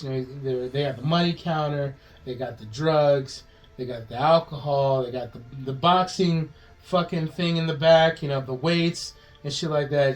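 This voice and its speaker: A man co-hosting a podcast, pitching a movie plot in a rambling, swearing way and acting out the characters' lines in quick changing voices. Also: low-quality recording. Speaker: podcast co-host.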